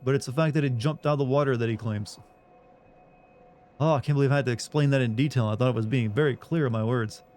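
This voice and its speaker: A man's voice: mid-range voice, quick pace, darkish tone. Sarcastic man ranting to his stream chat. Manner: incredulous and sarcastic, swearing freely, arguing with chat. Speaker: game streamer. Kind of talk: casual live-stream chat with viewers.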